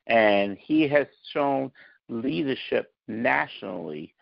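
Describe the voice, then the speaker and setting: A man, a podcast guest, giving measured political opinions with sarcastic asides, on dull lo-fi audio. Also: medium pitch, lively intonation, gravelly. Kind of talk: casual political discussion.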